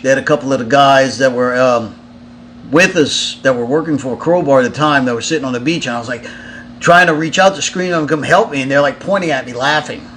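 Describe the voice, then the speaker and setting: A man's voice: medium pitch, a bit bright, slight background noise. A man, a touring musician, casually telling a story in a loose, profane way, with lots of fillers and restarts.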